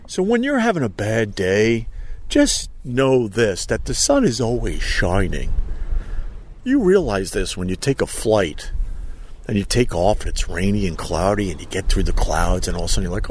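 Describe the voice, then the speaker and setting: A man's voice: lowish voice, big pitch swings, normal speed, slight background noise. A man hosting a casual outdoor live stream, rambling and joking while reading out viewer comments. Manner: rambling, jokey, reads viewer comments aloud. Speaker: podcast host.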